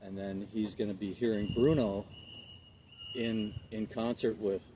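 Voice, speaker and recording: A man's voice: fairly low pitch, flat delivery, unhurried. A man working as a dog trainer, explaining in a casual, instructive way and giving short commands to a dog outdoors. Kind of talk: hands-on dog training lesson. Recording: distant mic with loud outdoor noise.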